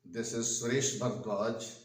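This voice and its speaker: An older man from India, a retired English teacher, explaining grammar slowly at a whiteboard with an Indian English accent and many hesitant pauses. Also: mid-range voice, steady tone. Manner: slow, repetitive explaining with frequent hesitations. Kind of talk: classroom grammar lesson. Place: classroom with whiteboard. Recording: echoey room, far from the mic.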